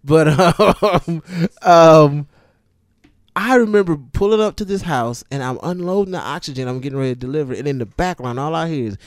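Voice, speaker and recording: A man in casual, profane conversation about hip-hop songs, animated and given to building up his points. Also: on the high side, moderate pace, dry recording, clean studio sound. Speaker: podcast co-host.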